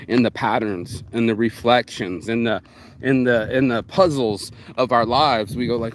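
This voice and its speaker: A man's voice: mid-range voice, normal speed, slight background noise. A man vlogging in a casual, rambling monologue, profane and streetwise, calling the listener bro. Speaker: vlogger and shirt designer.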